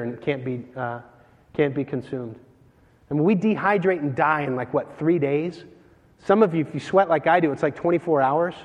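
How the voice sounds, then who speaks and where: A man preaching a sermon as pastor, animated and joking as he tells stories between scripture readings. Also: fairly high pitch, lo-fi sound. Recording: long hall reverb.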